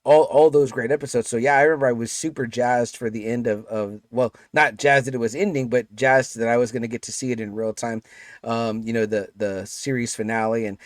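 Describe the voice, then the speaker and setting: A man's voice: mid-range voice, steady tone, fairly quick, no echo, studio quality. A man in his forties, a podcast guest, chatting casually and rambling with lots of fillers and restarts. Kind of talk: casual chat.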